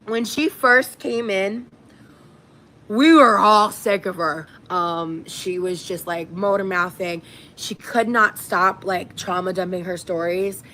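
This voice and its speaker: A woman vlogger telling a story casually, animated, swearing and acting out what people said. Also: medium pitch, slow pace, slight background noise, poor audio. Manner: animated, swearing, acts out quotes.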